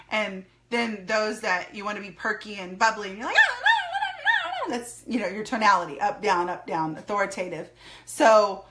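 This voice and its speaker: Woman coaching a sales team, bright tone, upbeat, repeats key phrases. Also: medium pitch. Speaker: sales team leader and trainer. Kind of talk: recorded training talk.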